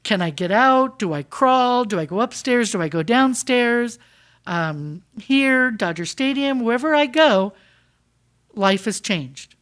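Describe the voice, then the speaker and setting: A woman's voice: a little high, lively intonation, a little slow, a bit bright. A woman speaking as a school board member at a public meeting, earnest and impassioned, often restarting her sentences and asking rhetorical questions. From United States.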